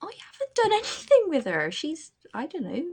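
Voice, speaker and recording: A woman playing a tabletop game who protests quickly and defensively in character. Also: sits high, huge pitch swings, a little hiss or hum. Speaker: player. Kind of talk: tabletop game role-play.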